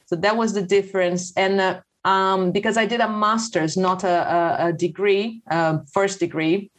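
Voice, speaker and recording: A woman's voice: mid-range voice, steady tone, normal speed, few pauses. A Brazilian woman in her forties, a native Portuguese speaker and English teacher, answering thoughtfully with frequent fillers. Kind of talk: casual conversational interview.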